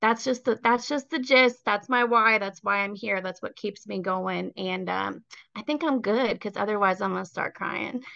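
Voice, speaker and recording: A woman's voice: medium pitch, normal speed, gravelly, sharp tone, no echo, dull audio. A woman in her thirties sharing her personal story as a guest on a call, candid and heartfelt, with plenty of fillers. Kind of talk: personal testimony.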